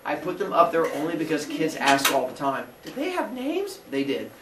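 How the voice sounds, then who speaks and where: A man teaching a class, telling a myth in a comic way and jumping into quick character voices. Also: fairly high pitch. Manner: animated, jokey, acts out characters in quick voices. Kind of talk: comic storytelling lesson. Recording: roomy echo from far off with faint noise.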